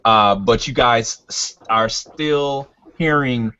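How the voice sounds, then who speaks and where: A man's voice: medium pitch, takes it slowly, bright, forceful tone, clear, resonant tone, highs cut off. A man narrating as game master of a tabletop game, hesitant with many fillers.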